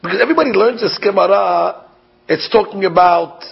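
A man giving an animated sermon, asking rhetorical questions and mixing in Hebrew terms. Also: sits high, a little fast, creaky, breathy edge. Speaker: rabbi giving a Torah class. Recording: dull lo-fi recording.

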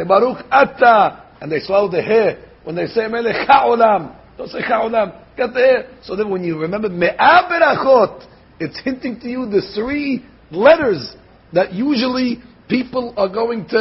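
A man giving a Torah class as a rabbi, animated, slowly sounding out words to show how they should be said. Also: high voice, slightly rough. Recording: dull lo-fi recording.

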